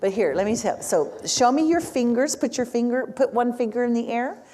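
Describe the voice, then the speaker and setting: A woman's voice: a little high, normal speed, warm tone. A woman speech-language pathologist, a native Spanish speaker, leading an interactive workshop and having the audience repeat sounds.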